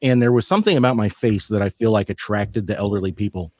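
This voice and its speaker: A man's voice: on the low side, fast talker, darkish tone, no echo. A man hosting a podcast, telling stories in casual chat with an exasperated, swearing manner. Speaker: podcast host.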